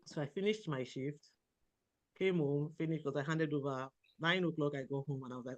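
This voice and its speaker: Lively Nigerian-born woman telling her story. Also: low voice, fairly quick. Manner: animated, quotes herself, laughs often. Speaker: guest, general practitioner. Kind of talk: personal storytelling in conversation.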